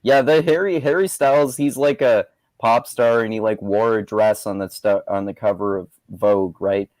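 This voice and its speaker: A man's voice: fairly low pitch, steady tone, moderate pace, darkish tone, no echo, rough recording. A man co-hosting a podcast in casual chat, loose and profane, often laughing. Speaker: podcast co-host.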